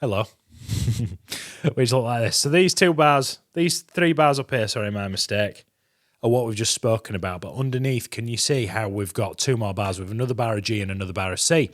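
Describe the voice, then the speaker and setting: A man's voice: on the low side, fairly quick, no echo, studio quality. A man teaching a guitar lesson, chatty and encouraging, counting beats aloud as he explains. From England. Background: guitar playing.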